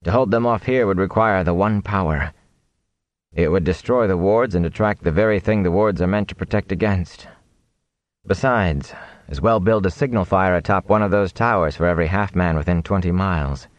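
A man's voice: low-pitched, no room sound, close to an everyday voice. A man reading an audiobook, voicing a composed, commanding sorceress who speaks without urgency. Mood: calm. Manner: unhurried, composed.

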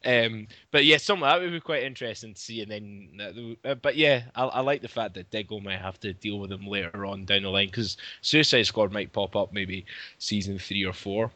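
A man chatting on a podcast in a low, bright, forward voice that keeps trailing off into new thoughts. His laughter breaks in often. The sound is dry and close. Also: fairly quick, no echo. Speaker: podcast co-host. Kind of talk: casual chat.

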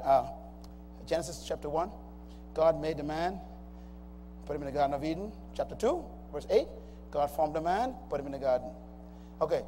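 A pastor preaches a sermon emphatically, calling out to the congregation in call-and-response style. His voice is fairly high with a dark tone, and the recording has a long hall reverb and faint noise.

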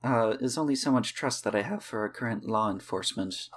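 A man's voice: on the low side, fairly quick, lightly acted. A man voicing a composed, polite female church teacher in a tabletop game. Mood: formal.

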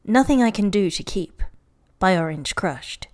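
A woman's voice: mid-range voice, expressive, measured pace, darkish tone. A woman reading fan fiction aloud to a friend, stopping now and then to fix slips or ask about a word. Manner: reads steadily, stops to ask about words and laugh at slips. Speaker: reader and co-host.

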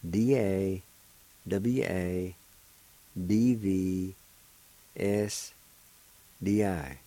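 A man's voice: lowish voice, dark tone, low-quality recording. A man hosting a radio language lesson, patiently spelling out and pronouncing words one syllable at a time. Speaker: radio host teaching a language.

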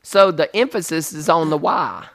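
A man chatting casually, telling an animated story with loud bursts of emphasis. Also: on the high side, moderate pace, vocal fry. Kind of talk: casual chat.

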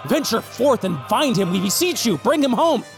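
A man's voice: very high voice, very animated, normal speed, over music, pitched above the performer's own voice, heavily acted. A man voicing a grim old gray shaggy male sheepdog who speaks solemnly in a tabletop game. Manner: solemn, pleading.

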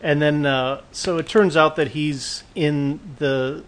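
Man, slightly higher voice, chatty podcast co-host, quick to laugh. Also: steady tone. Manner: chatty, laughs often, chimes in. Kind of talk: casual recap chat.

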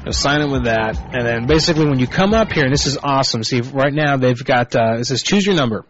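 A man's voice: medium pitch, lively intonation, fast talker, faint music behind. A man hosting a live prank call show, talking casually with frequent swearing and rambling asides. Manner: profane, rambling, off-the-cuff. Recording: muffled lo-fi internet radio.

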